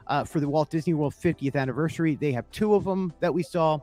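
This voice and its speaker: A man's voice: a little high, quick pace, hardly any pauses, mellow, faint music behind. Chatty, rambling male podcast host. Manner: chatty, rambling, laughs often. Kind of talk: casual chat. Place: home.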